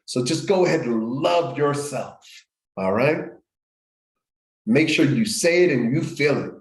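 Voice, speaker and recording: A man's voice: mid-range voice, expressive, a little slow. A man leading a guided healing workshop, walking listeners through each step with repeated phrases and frequent restarts. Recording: echoey room.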